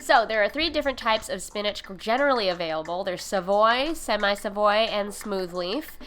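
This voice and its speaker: A woman's voice: mid-range voice, expressive, normal speed, fairly bright tone. A woman hosting a cooking livestream, talking casually with many fillers and giggly asides. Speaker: cooking stream host. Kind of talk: casual educational livestream talk.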